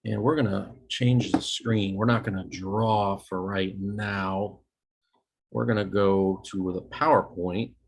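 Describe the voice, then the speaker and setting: Low-voiced man teaching a casual lecture. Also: steady tone, slow pace, creaky, slightly rough. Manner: casual, self-correcting, checks in with "okay?". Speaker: EMS instructor. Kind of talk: recorded screen-share lecture.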